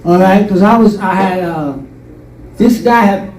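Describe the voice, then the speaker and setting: An older man telling stories in an interview, animated and rambling, acting out voices from his past. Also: sits high, a little slow, distant mic, slight background noise. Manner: rambling, animated storytelling with acted quotes. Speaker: interview guest. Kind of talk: storytelling interview. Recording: roomy, from off-mic.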